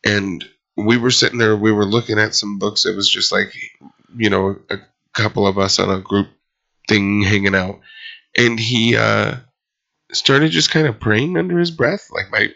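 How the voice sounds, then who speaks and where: A man tells a rambling story with lots of swearing and false starts, his low voice gravelly but bright at the edges. The recording is dull and slightly lo-fi. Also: steady tone, moderate pace. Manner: rambling storyteller, swears a lot, many restarts. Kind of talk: casual chat.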